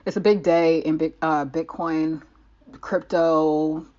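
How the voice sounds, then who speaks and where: A woman's voice: deep voice, steady tone, takes it slowly, mellow, lo-fi sound. A young woman from the United States, a vlogger rambling in casual talk to the camera, restarting her sentences often.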